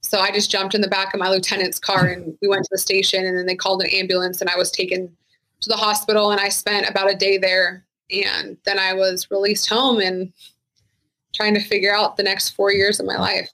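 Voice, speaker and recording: Bright-voiced woman in a frank interview. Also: mid-range voice, level tone, a little fast, poor audio. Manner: frank, conversational, with many "like" fillers. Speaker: retired sheriff's deputy, guest. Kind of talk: candid interview conversation.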